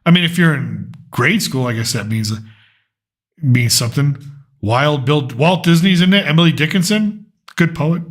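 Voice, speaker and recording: A man's voice: a little high, normal speed. A man hosting a casual political commentary show, thinking aloud and rambling as he reads through lists. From United States.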